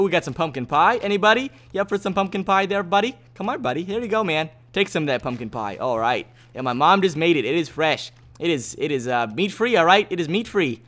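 A man hosting a gaming video, joking playfully through his game and swinging between loud yelps and quiet asides. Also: on the high side. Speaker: gaming channel host. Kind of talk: Let's Play commentary.

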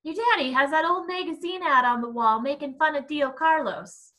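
A woman's voice: high voice, moderate pace, pushed and bright, pitched above the performer's own voice. A woman reading aloud, voicing a mocking teenage boy bully in a storybook. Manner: mocking, jeering.

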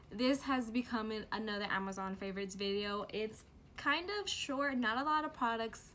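A woman's voice: fairly high pitch, a bit bright, slight background noise. A young woman reviewing products in a casual home vlog, bubbly and chatty with slang and fillers. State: out of breath from heat. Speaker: beauty and lifestyle vlogger.

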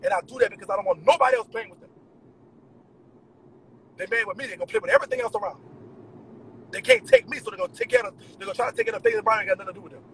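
A man venting to his viewers in an animated, profane, emphatic rant. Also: high-pitched, racing, gravelly, long pauses, slight background noise, poor audio. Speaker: vlogger. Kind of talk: ranting straight to camera.

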